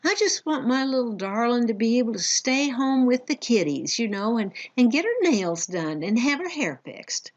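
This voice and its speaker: A woman's voice: on the high side, sing-song, normal speed, hardly any pauses, voice pushed up. A woman voicing a patronizing Southern man who talks about protecting his wife, in a Southern accent. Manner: drawling, doting, condescending. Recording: dull lo-fi lecture recording.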